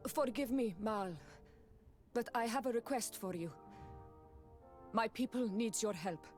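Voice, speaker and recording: An actress playing a young native clanswoman envoy who speaks gravely and formally, with an affected accent that rolls every R and sounds deep in the throat. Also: measured pace, soft background music, close to an everyday voice. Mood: earnest. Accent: affected, rolled Rs, throaty. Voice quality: guttural consonants. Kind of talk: video game dialogue.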